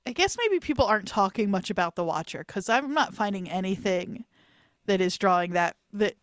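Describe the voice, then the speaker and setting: A woman co-hosting a casual film podcast, quick to laugh and agree. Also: medium pitch, animated, no echo. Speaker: podcast co-host.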